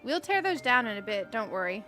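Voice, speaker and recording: A woman's voice: on the high side, very animated, a little fast, bright, forceful tone, soft background music. A woman streaming a game, chatting casually, giggling often and greeting viewers by name. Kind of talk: casual live-stream chat while playing.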